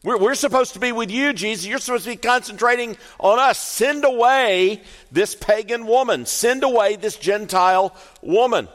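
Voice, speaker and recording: Man doing high-pitched indignant disciples, impatient, rushed, echoing through a large hall. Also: a bit bright. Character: impatient male disciples shooing a woman away. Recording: long hall reverb.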